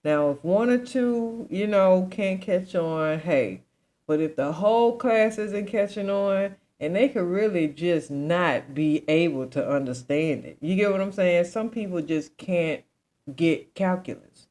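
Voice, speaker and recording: Meet a young adult woman with a deep, low voice who talks in an unhurried, drawn-out way. She hosts a loose, chatty commentary, wandering into asides and turning questions back to her listeners. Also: lively intonation, mellow, poor audio. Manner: rambling, asks the audience questions, many asides. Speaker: commentary host. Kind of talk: casual commentary chat.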